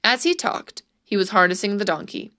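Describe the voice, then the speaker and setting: Woman reading a storybook, mid-pitched. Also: big pitch swings, moderate pace, bright, forceful tone. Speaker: narrator. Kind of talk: storybook narration.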